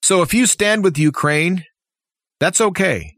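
A man's voice: high-pitched, expressive, a little slow, fairly bright tone, no echo, clean studio sound. Impassioned man ranting politics. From United States. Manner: impassioned, opinionated, full of rhetorical questions. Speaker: talk show host. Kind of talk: political commentary monologue.

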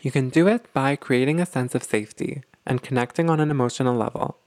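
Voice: medium pitch, fast, a little mellow, dry recording. A teacher of a relationship series explaining things step by step, often stopping to check in with "okay?". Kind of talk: explanatory lesson talk.

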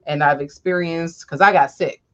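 A woman telling animated, profane stories from her youth in a casual chat. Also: deep voice, normal speed. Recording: dull lo-fi audio.

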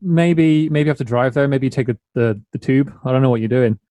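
A man's voice: medium pitch, brisk, warm tone, no echo. A male podcast host in a casual interview, teasing his guest with dares and bargaining over them.

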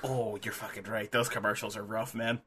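A young man co-hosting a casual podcast, animated, laughing easily and often restarting his sentences. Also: on the low side, fairly quick, breathy edge. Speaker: podcast co-host.

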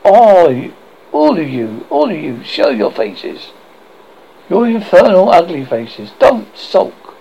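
A man's voice: high voice, huge pitch swings, takes it slowly, creaky, dark tone, breathy edge, exaggerated voice. A man doing a jittery man in a haunted house. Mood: anxious. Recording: dull lo-fi recording.

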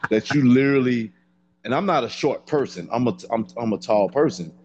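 A man's voice: mid-range voice, lively intonation, brisk, darkish tone, breathy edge, muffled recording. A man in casual podcast chat, blunt and profane, telling his story dryly. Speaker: podcast co-host.

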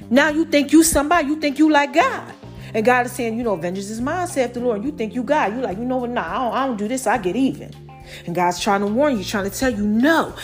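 A woman hosting a podcast, preaching on scripture in a casual, animated way and often checking in with her listeners. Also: on the high side. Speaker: podcast host.

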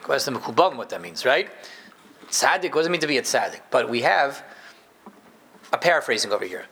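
A man teaching a live Torah class to a group, animated and emphatic, dropping into low asides and playful jokes with his students. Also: fast talker, breathy edge. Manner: animated, emphatic, jumps between loud stresses and low asides.

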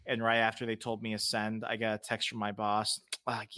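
Bright-voiced man with wry asides. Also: lowish voice, monotone, fairly quick. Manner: blunt, wry asides with swearing. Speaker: podcast co-host. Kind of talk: casual chat.

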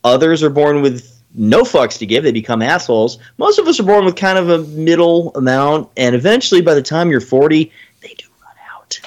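A man's voice: on the high side, sing-song, brisk, few pauses. A man in his thirties co-hosting a casual podcast, ranting with a lot of profanity and acting out quotes in exaggerated voices. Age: 30s. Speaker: podcast co-host. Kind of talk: casual banter.

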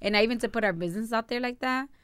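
A woman's voice: a little high, rapid-fire, a bit bright, clean tone, dry recording, clean studio sound. A woman in casual chat, animatedly telling a story with lots of fillers and acted-out quotes. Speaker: podcast co-host telling a story.

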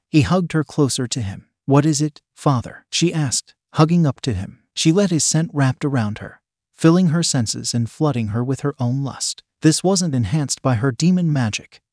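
A man narrating a story in a steady, even reading voice. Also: mid-range voice, dry recording, clean studio sound. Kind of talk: scripted narration.

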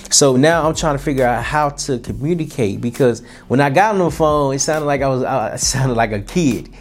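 A man's voice: mid-range voice, normal speed, soft background music. A young man hosting a podcast, giving an earnest, colloquial motivational talk with frequent restarts and repetitions. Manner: earnest, repeats himself, colloquial. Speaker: podcast host.

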